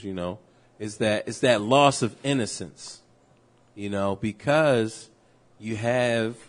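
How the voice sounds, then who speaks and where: A man co-hosting a podcast, telling stories in loose, animated casual chat full of slang and swearing. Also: mid-range voice. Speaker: podcast co-host.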